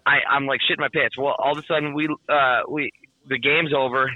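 A man in casual chat tells a story with breathless excitement, dropping swear words and "like" into nearly every line. His voice sits at an ordinary middle pitch. The recording is dry, with no room around it, and the sound is a little dull. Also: brisk, dry recording. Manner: excitable, swears constantly, "like"-heavy chatter.

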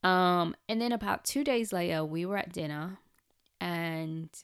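A woman's voice: on the low side, measured pace, smooth. A woman reflecting on raising her nieces in candid personal chat, with plenty of "like" and "um". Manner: candid, chatty, with frequent "like" and "um".

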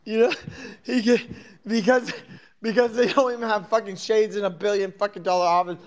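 Young male live-room host, slightly high voice, profane and rambling, teasing. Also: level tone, a little fast. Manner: profane, teasing, laughing fits. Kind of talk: rambling casual live chat.

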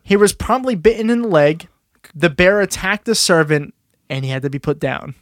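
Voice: mid-range voice, animated, normal speed, dry recording, studio quality. A podcast host in casual chat who reads a history story aloud, amused and often breaking into laughter.

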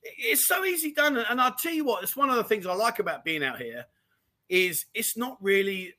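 A livestream host with a bright, high voice chats at normal speed from home in Thailand, reading out comments from viewers. Animated and talkative, he leans heavily on slang like "mate" and "diamond geezer."

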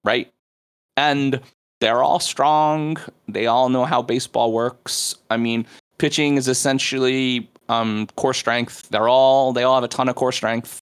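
A man's voice: mid-range voice, fairly even intonation, measured pace, clear, resonant tone. Emphatic chatty man talking sports. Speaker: panelist. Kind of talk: casual sports talk.

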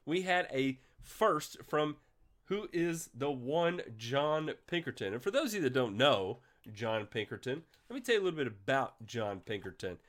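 A man hosting a casual livestream show, congested from a sinus infection, giving energetic shout-outs to viewers. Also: medium pitch, normal speed. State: coughing.

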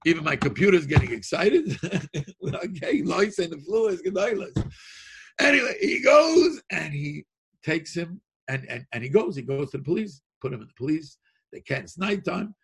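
A man telling a Hasidic tale in an animated, excited way, laughing often and shouting at the high points. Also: moderate pace, gravelly, breathy edge. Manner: sings a Yiddish-style tune. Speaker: storyteller.

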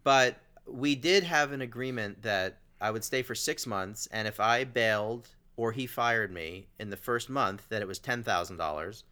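Guy with a bright punchy voice rambling through an old story, lots of ums and restarts. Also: on the low side, normal speed, few pauses. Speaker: guest telling a story. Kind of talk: casual chat.

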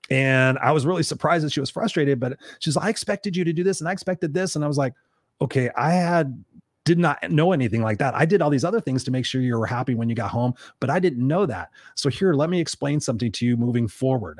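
Emphatic middle-aged man, livestream host, dry close sound, mid-pitched voice. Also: dry recording. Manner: earnest, emphatic, quotes others in a raised voice. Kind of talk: motivational livestream talk.

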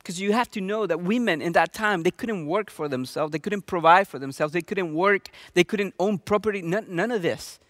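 A man's voice: sits high, moderate pace, few pauses, fairly bright tone, no room sound, clean studio sound. A man preaching a sermon with earnest energy and lots of rhetorical questions. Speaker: pastor.

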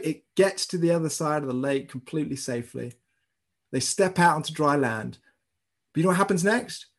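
A man preaches a sermon, telling the story with energy and turning often to address his listeners directly. His voice sits a little high for a man and has a husky, breathy edge. He is a pastor speaking to his church. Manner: storytelling, animated, talks directly to the congregation. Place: church service streamed online.

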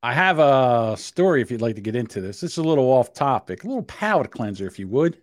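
Lively, brash male podcast co-host. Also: medium pitch, fast talker, dry recording, clean studio sound. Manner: crude, joking, brash. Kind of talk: casual podcast chat.

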